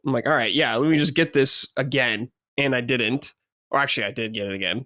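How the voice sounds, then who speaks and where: A man's voice: medium pitch, a little fast, bright, forceful tone, no echo, studio quality. A man co-hosting a gaming podcast, telling a story in casual chat and swearing freely. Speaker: podcast co-host.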